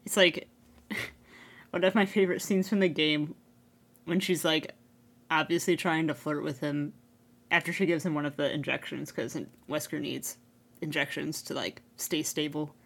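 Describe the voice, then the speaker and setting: Woman co-host, deep low register, easygoing and giggly, casual podcast banter. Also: fairly even intonation, moderate pace, vocal fry. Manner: laughs often, agrees and riffs along. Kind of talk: casual fan podcast chat.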